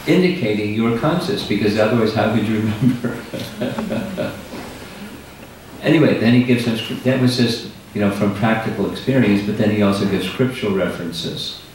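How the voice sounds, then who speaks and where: An older man with a fairly low voice gives a thoughtful talk to an audience. He explains carefully and stops to clarify what he is asked. He is heard from a distance in a very echoey hall, with faint noise underneath. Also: normal speed, a little mellow. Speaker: spiritual teacher answering questions. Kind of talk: lecture with audience Q&A.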